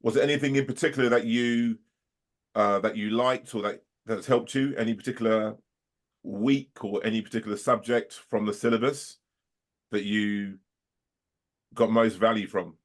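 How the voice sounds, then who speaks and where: A man's voice: fairly low pitch, fairly even intonation, normal speed. A man running a final course session, losing his voice, checking in with students in a friendly way and repeating his praise. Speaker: course organizer. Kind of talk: casual check-in.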